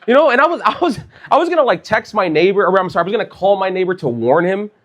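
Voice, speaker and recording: Man in his thirties, stand-up comic, animated swooping pitch, fairly high voice, casual slangy delivery, handheld mic on a club stage. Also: racing, background noise. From Chicago, USA. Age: 30s. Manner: loose, conversational delivery full of "like" and "bro". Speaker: stand-up comedian. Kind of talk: stand-up comedy set.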